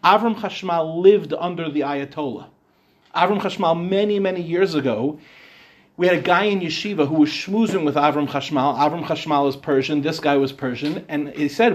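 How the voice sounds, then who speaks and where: Conversational rabbi with a fairly high voice. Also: male voice, brisk, slight background noise. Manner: conversational, asks the audience questions. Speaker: rabbi giving a Torah class. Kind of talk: informal Torah lecture.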